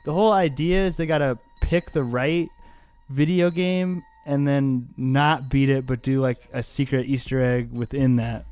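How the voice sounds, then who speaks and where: A man's voice: mid-range voice, fairly even intonation, unhurried, a little mellow, clean tone, no room sound. Rambling enthusiastic podcast guy. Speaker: podcast co-host. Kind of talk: casual movie review chat.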